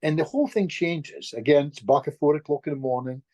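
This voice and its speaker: A middle-aged man, a guest healer, telling stories in a lively, chatty way with chuckles and restarts. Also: a little high, brisk, dry recording. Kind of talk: casual storytelling in conversation.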